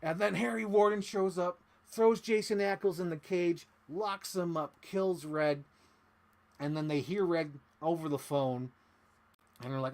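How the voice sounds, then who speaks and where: A man's voice: on the high side, normal speed. A man casually recapping a horror film, acting out quotes and laughing as he goes. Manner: animated retelling with acted-out quotes and laughs. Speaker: host.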